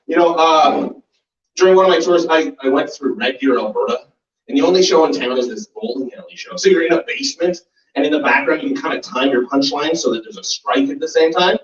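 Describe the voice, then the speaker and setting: A stand-up comedian in his 40s performs a profane set in a small comedy club basement, laughing and doing voice impressions. His voice is on the high side and a little fast, captured in a roomy, distant, muffled live recording.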